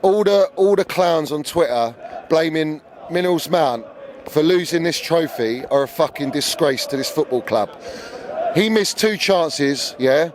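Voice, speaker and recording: A man's voice: a little high, animated, unhurried, background noise. A man giving his blunt, opinionated view of a lost match as a fan being interviewed outdoors. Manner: blunt, opinionated, building to anger. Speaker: football fan guest. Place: outdoors on a city street.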